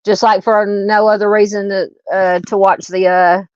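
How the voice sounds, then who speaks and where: A middle-aged Southern woman with a clear, resonant, medium-pitched voice speaks at normal speed in a level tone. She hiccups as she casually hosts a true crime livestream, greeting viewers and rambling through comments with many fillers and restarts. There's no room sound, but the audio is dull.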